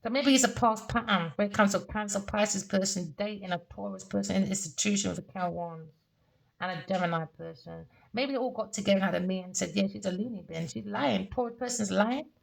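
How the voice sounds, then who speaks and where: Gravelly British woman reading tarot. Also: mid-range voice, fast talker, poor audio. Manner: blunt, raw and confessional, swears freely. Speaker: tarot reader. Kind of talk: unscripted tarot reading vlog.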